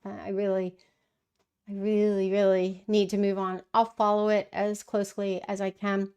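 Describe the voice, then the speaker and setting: A middle-aged woman hosts a casual livestream, answering viewers' questions thoughtfully but with frequent fillers and restarts. Her mid-range voice is monotone, mellow and clean, at a moderate pace, and the sound is lo-fi.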